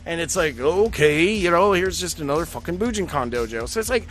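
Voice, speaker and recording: A man's voice: fairly high pitch, lively intonation, a little fast, fairly bright tone, soft background music. A man hosting a podcast in rambling, profane casual chat, often laughing and mocking others. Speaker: podcast host.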